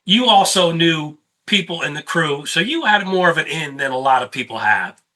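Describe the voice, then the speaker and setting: A man hosting a casual sit-down conversation and telling lively tour stories. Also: a little high, normal speed, poor audio. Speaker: host; touring musician.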